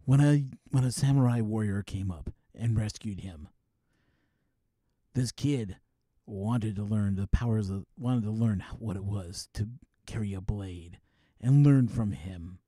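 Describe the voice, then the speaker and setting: A man voicing a booming male movie-trailer announcer, slow and overblown, lower and louder than his usual voice. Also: no echo, studio quality. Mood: dramatic. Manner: slow, dramatic, overblown delivery.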